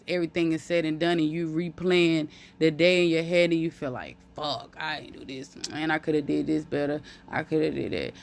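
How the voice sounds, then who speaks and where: A woman talking candidly on a live stream into a phone. She speaks openly and profanely and repeats phrases for emphasis. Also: deep voice. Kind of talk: heartfelt live-stream monologue.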